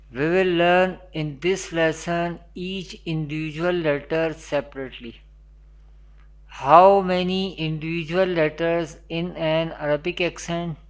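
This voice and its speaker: Slow, even-voiced teacher. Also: male voice, on the high side, clear, resonant tone. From Pakistan. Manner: measured, repeats each letter several times. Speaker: Quran teacher. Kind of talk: online recitation lesson.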